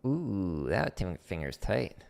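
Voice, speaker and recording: A man's voice: deep voice, slow pace, vocal fry. A man teaching drum technique on a casual livestream, explaining exercises as he demonstrates them. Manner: relaxed, explanatory, talks while demonstrating. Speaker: drum teacher streaming practice.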